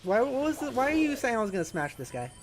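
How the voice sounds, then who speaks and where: A woman's voice: on the high side, sing-song, quick pace, slight background noise. A woman streaming a video game, teasing her co-host and reading chat aloud. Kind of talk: casual gaming chat.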